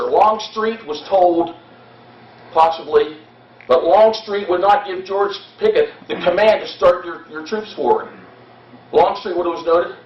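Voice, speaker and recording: A man with a fairly high voice tells a battle story to an audience, passionate and dramatic, speeding up and slowing down as he goes. He is heard from a distance in an echoey hall. The recording sounds dull and lo-fi. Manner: impassioned storytelling, shifting pace. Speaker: history presenter. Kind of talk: dramatic history talk to an audience. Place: hall at a historical society event.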